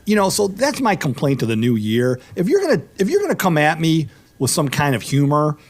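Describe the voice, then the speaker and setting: A middle-aged man hosting a law radio show, telling stories in animated casual banter. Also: a little high. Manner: animated storyteller, rising into exclamations.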